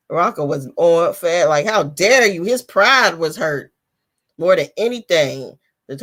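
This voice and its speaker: Laughing woman, unhurried, chatty. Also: fairly low pitch. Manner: laughing, animated, slangy. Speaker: host of a book discussion. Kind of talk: casual live chat.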